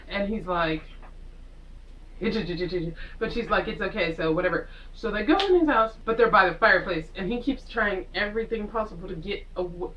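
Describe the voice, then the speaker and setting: A woman's voice: on the low side, normal speed, a bit bright, distant mic, highs cut off, slight background noise. A woman casually recapping a film with sarcastic asides, rambling and acting out the characters as she goes. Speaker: vlogger reviewing a film. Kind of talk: casual chatty movie recap.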